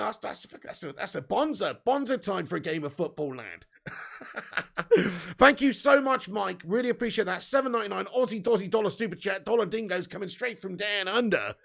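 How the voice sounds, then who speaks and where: A man hosts a live football watch-along. His voice sits high and is heavily gravelly and fried. He banters loosely with viewers and reads out their chat names and predictions. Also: fairly bright tone. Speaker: fan channel host.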